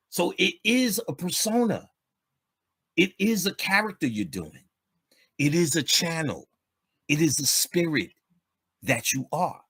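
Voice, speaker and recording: Streetwise new guy in his 50s, husky, forceful, swears a lot telling stories. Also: a little high, unhurried, pauses often. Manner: streetwise, swearing, loose and animated. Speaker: podcast guest speaker. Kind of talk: casual storytelling chat.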